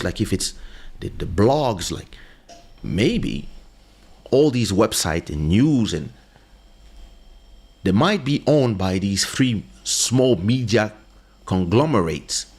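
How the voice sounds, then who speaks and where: Taking it slowly and pausing often, a man hosting a podcast narrates a story in a casual monologue, animatedly acting out the quoted voices of its characters. His voice is on the low side and slightly rough.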